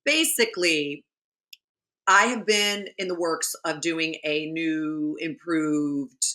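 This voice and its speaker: A woman telling a story as a podcast guest in casual chat, animated and chatty. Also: sits low, takes it slowly.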